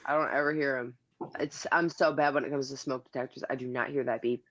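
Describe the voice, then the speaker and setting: A woman chatting casually on a podcast who talks quickly and laughs easily. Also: very deep voice, steady tone, a crowd in the background. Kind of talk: casual chat.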